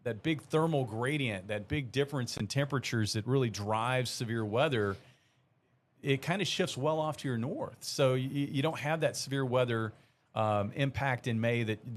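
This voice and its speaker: Middle-aged weather guy, chatty, lots of ums and you knows, explaining the season on air. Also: medium pitch. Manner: conversational, explanatory, lots of fillers. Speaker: meteorologist. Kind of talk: live weather discussion.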